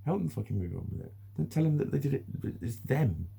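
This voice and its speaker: A man's voice: medium pitch, very animated, brisk, vocal fry, warm tone, slightly rough. A British man ranting bluntly in a casual vlog monologue, swearing freely, repeating himself and laughing now and then. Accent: British English. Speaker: vlogger.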